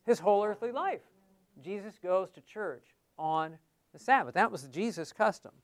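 Man teaching a Bible class, conversational, quizzes the class, high clear voice. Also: lively intonation, normal speed, no echo. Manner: conversational, asks the class questions.

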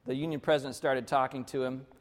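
A man's voice: mid-range voice, level tone, fast talker. A male pastor preaching a conversational, story-led sermon full of restarts. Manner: conversational, with many restarts and fillers. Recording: long reverb of a large hall.

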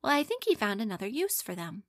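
A woman voicing a calm, patient mother in a told story, gentle and matter-of-fact. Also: fairly high pitch, fast, dry recording, clean studio sound.

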